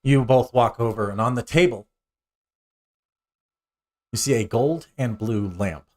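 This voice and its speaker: A man narrating a tabletop role-playing game as game master, animated and often restarting his sentences. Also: medium pitch, measured pace.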